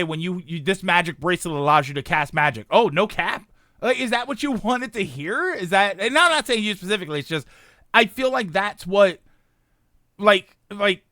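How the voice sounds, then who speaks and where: A man in his thirties talking casually on a stream, rambling and animated, reacting to chat. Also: high-pitched, no room sound, clean studio sound.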